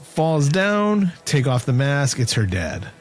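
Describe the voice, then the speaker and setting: A man's voice: fairly high pitch, sing-song, slow pace, soft background music. A man casually retelling a movie's plot on a podcast, rambling and cracking jokes along the way. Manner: rambling storyteller, jokey asides. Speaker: podcast co-host. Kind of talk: casual movie recap chat.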